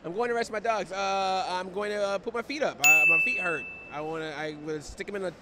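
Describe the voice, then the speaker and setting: Outdoors at a busy convention, an American comedian guest riffs playfully through a casual interview, full of laughs and silly voices in improvised chat. His voice is high-pitched and fairly quick, and the clip is very noisy.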